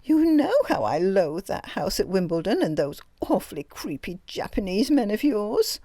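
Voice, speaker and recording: A woman reading an audiobook voices a timid young female secretary who turns petulant and stubbornly defiant, in a high, shrill voice. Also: sing-song, normal speed, dark tone, dry recording. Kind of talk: audiobook character voice.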